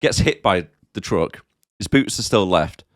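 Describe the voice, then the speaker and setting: A man's voice: low-pitched, animated, a little slow, no echo, studio quality. A man co-hosting a movie podcast, recapping the plot in a laid-back, bantering way. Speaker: podcast co-host. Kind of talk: casual chat.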